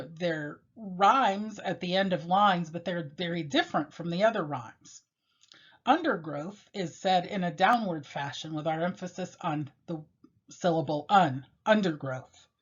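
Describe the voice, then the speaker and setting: Low-voiced woman lecturing on poetry. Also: slightly rough. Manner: measured, explanatory, with pauses and fillers. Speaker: literature teacher. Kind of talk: classroom lecture on a poem. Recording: dull lo-fi recording.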